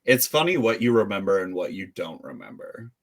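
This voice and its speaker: A man co-hosting a podcast in relaxed casual chat, rambling with plenty of filler words. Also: low-pitched, brisk, vocal fry. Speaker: podcast co-host.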